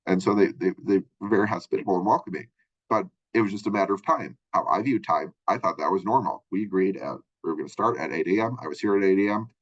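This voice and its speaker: Man, college instructor, very low voice, rapid delivery, conversational lecture, dull lo-fi recording. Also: breathy edge. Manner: conversational, frequent "right?" and "you know" check-ins. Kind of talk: recorded textbook chapter lecture. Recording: dull lo-fi audio.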